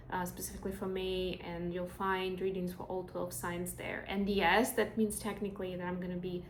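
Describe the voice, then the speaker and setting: Lady doing tarot chat, rambly with ums, mid voice, roomy echo and faint hum. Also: mid-range voice. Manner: chatty, rambling, many filler pauses. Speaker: tarot reader. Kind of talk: casual tarot reading chat.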